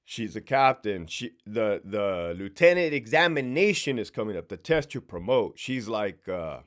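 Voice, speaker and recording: A middle-aged man spins blunt, profanity-laced stories from his prison days, and his pitch rises and falls with lively swings. His delivery is casual, direct and animated. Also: moderate pace, few pauses. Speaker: former prison sergeant telling stories. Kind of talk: casual storytelling monologue.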